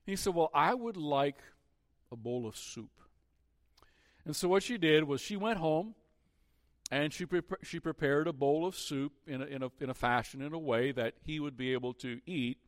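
A man's voice: a little high, a little fast, no echo. Earnest male pastor preaching, dry sound. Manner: earnest preaching with frequent "uh" fillers and restarts. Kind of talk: sermon.

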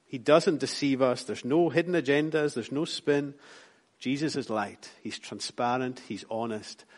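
Scottish preacher delivering an impassioned sermon. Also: male voice, medium pitch, a little slow. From Scotland. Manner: rhythmic, repetitive preaching with rising emphatic lines and soft drops.

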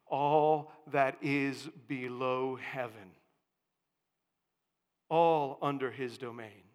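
A male pastor preaching a sermon, dropping to hushed lines and then rising to booming proclamations. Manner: dramatic swings from hushed to booming. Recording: long church reverb.

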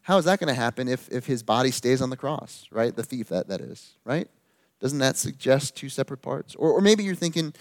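Preaching earnestly and with emphasis, a man speaks in a mid-range voice. He deliberately slows to stress the key phrases of his sermon.

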